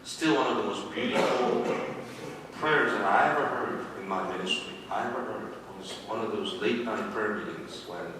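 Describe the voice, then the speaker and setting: A man preaching a sermon as pastor, animated and repeating his words, sometimes acting out voices. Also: fairly low pitch, moderate pace, background noise. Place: church sanctuary. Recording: echoey hall from a distance.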